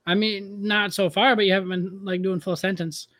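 A man with a high voice, chatting casually as a podcast co-host. He talks loosely and laughs a lot, and his voice comes over a remote call. The sound is dry and close, with no room. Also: normal speed, no echo. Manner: relaxed, laughs often, trails off with fillers. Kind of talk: casual chat.

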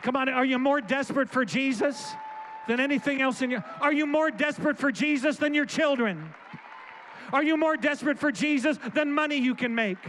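A man's voice: extremely high pitch, a little fast, fairly bright tone, a faint crowd, a little hiss or hum. A man preaching a sermon as pastor, pleading in repetitive prayer and urging his congregation with calls of "come on". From Florida.

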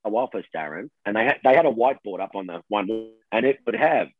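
A middle-aged Australian man, a television host, telling stories in a lively casual chat and laughing often. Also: on the low side, fast, no echo. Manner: animated storyteller, laughs often, says mate. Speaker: TV host guest. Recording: tinny phone line, dry.

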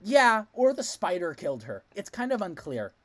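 A man's voice: high-pitched, moderate pace. A man hosting a podcast, recapping a play in a loose, jokey way. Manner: animated, jokey storyteller who slips into quoted voices. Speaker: podcast host. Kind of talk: casual chat recapping a play.

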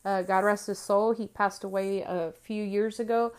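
A middle-aged woman sharing her testimony, telling the story with lively acted-out dialogue. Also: medium pitch, normal speed, few pauses, clean tone. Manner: animated storytelling, acting out dialogue. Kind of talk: testimony talk.

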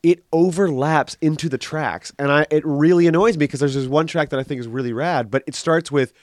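A man's voice: a little high, a little fast, noisy background. A man co-hosting a podcast in casual chat, giving his opinions freely with plenty of fillers. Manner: chatty, opinionated, many fillers. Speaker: podcast co-host.

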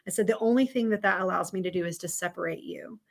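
A woman in her thirties speaks as a podcast guest, her voice sitting a little low. She talks candidly and reflectively, telling a story in an easy conversational way. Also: fast, creaky. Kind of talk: casual interview conversation.

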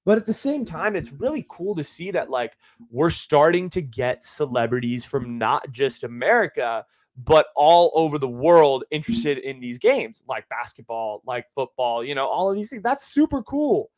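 A man's voice: on the high side, lively intonation, moderate pace, darkish tone. A man hosting a podcast in a casual, rambling monologue full of fillers and asides. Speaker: podcast host.

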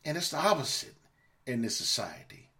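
Angry, profane man with a lively pitch. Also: moderate pace. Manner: repeats words when worked up. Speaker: podcast host. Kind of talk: angry monologue rant.

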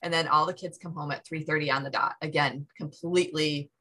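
A woman's voice: deep voice, fairly even intonation, fairly quick, fairly bright tone, husky. A woman hosting a casual interview, asking questions and sharing everyday stories. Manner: brief listening responses, anecdotal. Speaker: podcast host.

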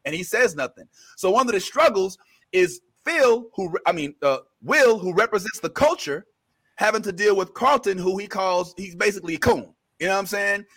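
A male host of a casual pop-culture talk show rambles along with restarts and filler words, getting animated as he retells scenes. His voice sits high and he talks at a normal speed.

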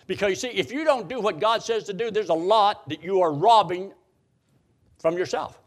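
A man's voice: high voice, moderate pace. A man preaching a sermon, quoting scripture in old-style wording and repeating phrases for emphasis.

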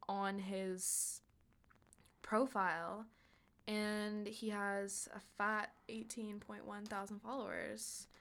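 A woman's voice: medium pitch, little pitch movement, slow pace, a bit bright. A young woman co-hosting a podcast, chatting casually and telling a story full of fillers. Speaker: podcast co-host. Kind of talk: casual chat.

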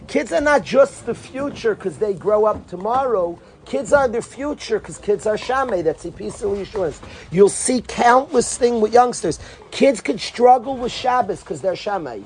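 Man, rabbi-style talk, animated, voices swing high and low, light background hiss. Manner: animated storyteller, acts out dialogue with big pitch jumps. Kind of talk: informal Torah talk.

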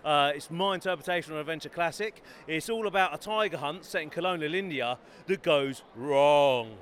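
A man's voice: on the high side, a little fast, a bit bright. A man from Bedford, an author, talking chattily and eagerly about his books in an interview at a busy fair. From Bedford, England. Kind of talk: enthusiastic self-promoting interview. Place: busy trade fair hall.

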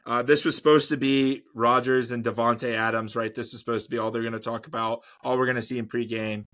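A man's voice: medium pitch, flat delivery, a little fast, a bit bright. Rambling male sports podcast co-host. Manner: rambling, repeats words, trails off. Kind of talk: casual sports chat.

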